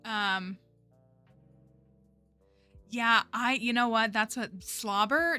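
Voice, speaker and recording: Woman streamer chatting to chat while she plays, bright sharp voice, soft game music underneath. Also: on the high side, extremely slow, pauses often. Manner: chatty, thinks aloud and talks to her chat. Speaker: livestreamer. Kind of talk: casual gameplay commentary.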